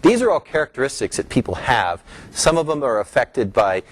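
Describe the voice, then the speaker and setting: A man's voice: medium pitch, sing-song, a little fast. A middle-aged man giving an academic lecture, explaining step by step and lifting his voice on key terms. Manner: explanatory, rising emphasis on key terms, some restarts.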